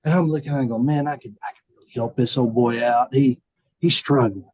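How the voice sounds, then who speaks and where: A man, a bank chief telling stories in a relaxed interview, folksy and often repeating words as he acts out quotes. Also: mid-range voice, a little fast, husky, dry recording, poor audio. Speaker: bank CEO, podcast guest. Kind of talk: casual storytelling interview.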